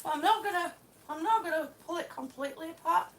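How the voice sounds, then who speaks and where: A woman's voice: very high-pitched, fast, slight background noise. A woman live-streaming a complaint about damaged tiles at home, exasperated and sarcastic, swearing now and then. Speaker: vlogger. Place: home, indoors.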